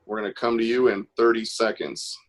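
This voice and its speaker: A man's voice: lowish voice, level tone, fairly quick. Upbeat encouraging man hosting an art class. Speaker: host of an online art class. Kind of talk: casual live-stream teaching.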